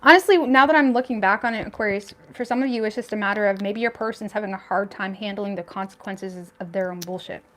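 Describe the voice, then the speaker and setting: A woman's voice: medium pitch, fast, few pauses, fairly bright tone. A woman talks through a tarot spread in a loose, chatty way. She is frank and thinks aloud, with plenty of fillers and small restarts as she reads each card. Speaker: tarot reader. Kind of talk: casual tarot reading.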